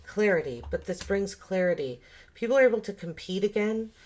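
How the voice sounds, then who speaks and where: A woman's voice: medium pitch, expressive, a little fast, a little mellow. A woman giving a casual tarot reading, thinking aloud and musing with many fillers and restarts. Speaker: tarot reader.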